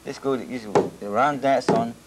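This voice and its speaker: An older Navajo man, a traditional singer whose first language is Navajo, answers interview questions in halting, restarting English. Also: mid-range voice, heavy background noise. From Navajo Nation. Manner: halting, searching for words, many restarts. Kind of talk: archival interview.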